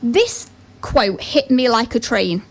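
A woman's voice: fairly high pitch, expressive, takes it slowly. A woman giving an earnest motivational talk and telling a story, with chatty asides.

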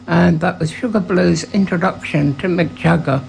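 A radio presenter telling a relaxed anecdote before playing a record, with a few hesitant fillers. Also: medium pitch, moderate pace, vocal fry, hardly any pauses, a little hiss or hum, poor audio. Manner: relaxed storytelling with fillers and acted quotes.

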